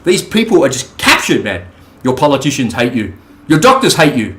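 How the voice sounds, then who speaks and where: A man's voice: mid-range voice, huge pitch swings, a little fast, pushed and bright. Furious profane Australian man. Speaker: guest. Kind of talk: angry podcast rant.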